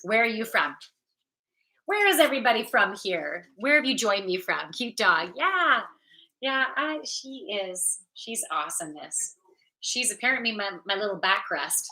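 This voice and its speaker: A yoga teacher and intuitive reader from Ontario, Canada, chats casually with livestream viewers, upbeat and talkative, greeting them by name. Her mid-range voice is very animated, a little slow, and pushed and bright.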